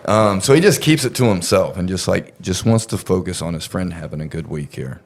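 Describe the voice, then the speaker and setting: Deep-voiced man telling a rambling story. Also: animated, brisk, slight background noise. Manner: rambling, profane, full of fillers. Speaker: podcast storyteller. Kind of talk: casual storytelling.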